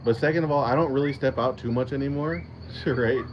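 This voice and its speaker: On a casual livestream for his own channel, a man talks fairly quickly in a medium-pitched voice. His rambling, profane story is packed with restarts and laughs often, and the audio is muffled with background noise.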